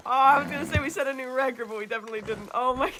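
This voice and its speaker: Talking very fast in a high voice, an American gaming streamer, young and female, rambles through a story packed with fillers and offhand cursing. It's very noisy, with game audio and hoofbeats under her voice.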